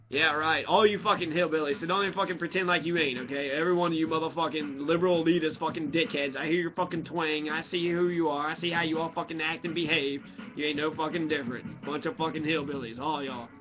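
Profane, heated man ranting. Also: fairly high pitch. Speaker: student. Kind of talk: ranting monologue. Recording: dull lo-fi audio with faint music.

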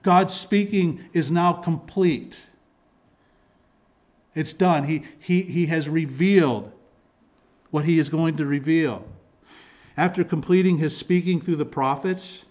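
A pastor preaching a sermon in church, explaining scripture in a teaching manner with frequent restarts and repeated words. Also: male voice, fairly high pitch, a little mellow. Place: church sanctuary.

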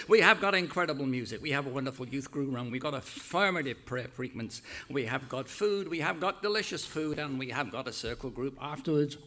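A man's voice: mid-range voice, a little fast, hardly any pauses. An older man with an American accent, a minister hosting a Sunday service in a chatty, playful way. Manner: lively, playful, loud call-outs. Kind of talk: warm, chatty service host.

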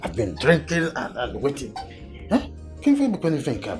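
An excitable, stammering Nigerian lover man. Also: mid-range voice, moderate pace. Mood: impatient. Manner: excitable, stammering, squeals with delight. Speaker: film actor. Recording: faint film music underneath.

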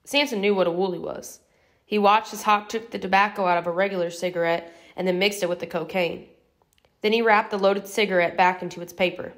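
A woman reading a novel aloud as an audiobook narrator in a steady, even storytelling manner. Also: medium pitch, brisk. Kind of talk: scripted narration.

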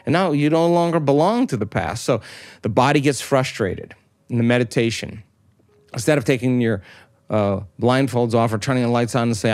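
A man's voice: mid-range voice, moderate pace, darkish tone, no echo. An emphatic middle-aged man speaks as an interview guest and builds each point through stacked, repeated phrases and questions he answers himself. His voice sits in an ordinary middle register. The sound is dry and close, with no room around it. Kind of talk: explanatory talk.

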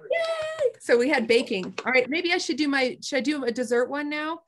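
A fairly high-voiced woman talks through an easy no-bake treat over a video call. She is chatty and animated, and often pauses to check that listeners are following. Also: a crowd in the background. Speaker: host presenting a recipe. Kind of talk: casual chat demo.

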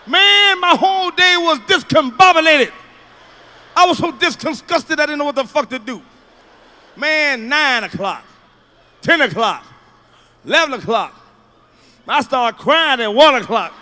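High bright-voiced comic guy, loud, cussing, acting out stories on stage. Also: normal speed, pauses often. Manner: profane, loud, animated storytelling with acted-out shouts. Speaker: stand-up comedian. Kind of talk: stand-up comedy.

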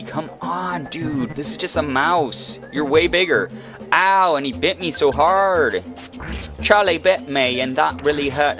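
A man narrating his playthrough in a loose, jokey way, his pitch swinging up and down with lively energy. He talks straight to the game characters as if they were friends. Soft music plays faintly underneath. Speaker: let's play gamer. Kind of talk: casual game commentary.

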